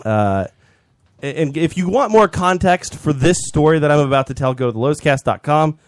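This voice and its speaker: A man's voice: fairly high pitch, expressive, normal speed. A young man co-hosting a podcast, casually rambling through a story with lots of animation. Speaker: podcast co-host. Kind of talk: casual chat.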